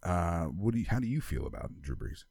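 Low guy bantering on a podcast, voice swings all over, dry mic. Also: big pitch swings, creaky, a little mellow, no echo. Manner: joking, quick banter. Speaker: podcast co-host. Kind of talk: casual chat.

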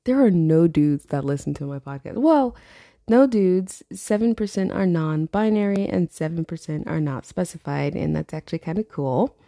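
Animated and profane, this podcast host in her late twenties chats on her own show at a moderate pace, laughing frequently. Her voice is on the low side, dark-toned with vocal fry. The studio-quality recording has no room sound.

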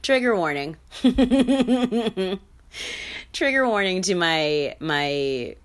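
Blunt, chatty woman podcaster, lower voice. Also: expressive, a little slow, fairly bright tone. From mixed heritage. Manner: chatty, blunt, laughs often, playful sing-song asides. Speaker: podcast host. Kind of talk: casual solo podcast chat.

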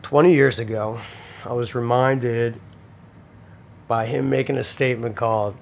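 Homem de quarenta e poucos contando história. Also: male voice, mid-range voice, fairly even intonation, unhurried, vocal fry, pauses often, slight background noise. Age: 40s. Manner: storytelling, swears freely, laughs often. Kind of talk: casual profane chat.

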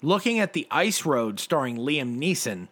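A man's voice: medium pitch, very animated, normal speed, fairly bright tone. A man co-hosting a casual movie chat, with dry, sarcastic remarks. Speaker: podcast co-host.

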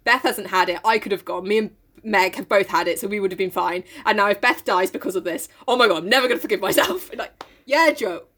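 A woman's voice: mid-range voice, fairly quick, fairly bright tone. Woman reading aloud and joking. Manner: reads aloud, then jokes and laughs often. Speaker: podcast co-host reading and discussing a novel. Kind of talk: casual book-club chat with read-aloud passages.

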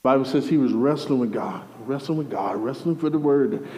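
A man preaching a lively sermon, calling out to the congregation through a microphone. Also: medium pitch, a little fast. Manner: energetic call-and-response preaching. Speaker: pastor. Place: church hall. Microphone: handheld or stage mic. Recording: dull audio in a reverberant hall.

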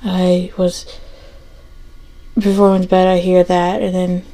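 Woman, young adult, podcast host, casual rambling chat, lots of fillers, gravelly fry. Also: fairly low pitch, monotone, unhurried, dark tone, rough recording. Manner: rambling, full of fillers and restarts.

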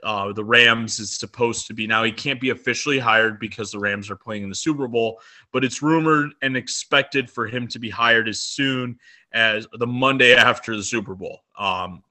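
A man's voice: mid-range voice, moderate pace, pushed and bright. A man co-hosting a casual sports podcast, talking enthusiastically and rambling with fillers. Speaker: podcast co-host.

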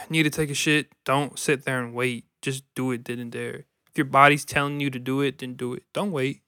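Male podcast co-host, bright crisp voice, crude laid-back joker, dry close sound. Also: medium pitch, fairly even intonation, brisk, few pauses, dry recording. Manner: crude, joking, laid-back with lots of fillers. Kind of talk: casual podcast banter.

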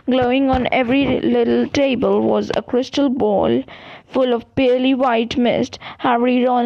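A woman's voice: fairly high pitch, gravelly, darkish tone, no echo. A woman reading a novel aloud, sometimes stumbling and restarting words. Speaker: reader. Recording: dull, dry lo-fi recording.

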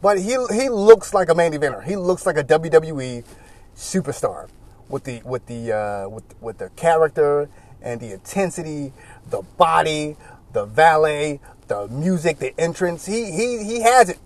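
A man giving casual solo commentary as a wrestling reviewer, rambling and animated, with many "you know"s. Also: fairly high pitch, moderate pace.

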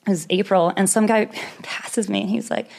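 A woman's voice: medium pitch, fairly even intonation, moderate pace, vocal fry, darkish tone. A young woman talks through a personal story in easy conversation. She is open and rambling, with nervous little laughs and the odd swear word. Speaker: guest telling a personal story. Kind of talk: casual conversation.

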